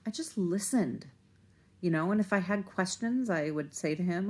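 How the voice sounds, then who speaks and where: A woman's voice: lowish voice, animated, moderate pace. A woman talking casually to the camera as a parent vlogger, rambling a little and using plenty of fillers. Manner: conversational, rambling, with fillers and restarts.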